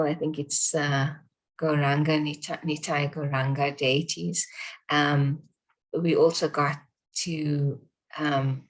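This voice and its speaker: A woman's voice: low voice, rough recording. A woman sharing news on a video call early in the morning with her morning voice, hesitant with many ums and self-corrections. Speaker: class participant sharing news.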